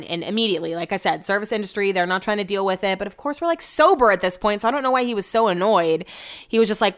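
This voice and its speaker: A woman's voice: mid-range voice, fast, a bit bright, smooth. Chatty, slangy young woman telling a story. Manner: chatty, slangy, swears freely. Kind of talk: casual storytelling.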